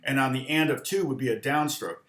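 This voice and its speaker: A man's voice: mid-range voice, brisk, fairly bright tone, reverberant. A man teaching guitar in a loose, rambling live lesson, humming rhythms aloud between explanations.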